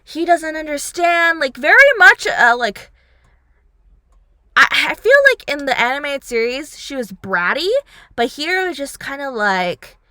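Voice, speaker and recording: A young woman vlogger reviews a series in a rambling, casual chat, leaning heavily on "like" and "um" and animatedly acting out characters' lines. Her voice is high-pitched and a little slow, captured in a dry, clean studio recording.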